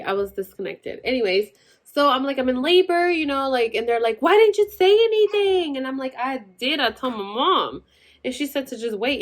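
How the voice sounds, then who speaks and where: A young woman tells a personal story in a relaxed, chatty way. Her voice sits a little high, and she keeps saying "like" as she acts out everyone's lines. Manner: chatty, full of "like" and acted-out quotes. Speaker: vlogger telling her birth story. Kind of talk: casual storytelling.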